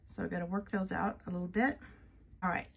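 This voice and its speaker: A woman chatting casually as she swatches fountain pen inks. She is soft-spoken, and her voice drifts into whispers now and then. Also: lowish voice, fairly even intonation, fast talker, vocal fry, slight background noise. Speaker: ink reviewer. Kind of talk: casual chat while swatching ink.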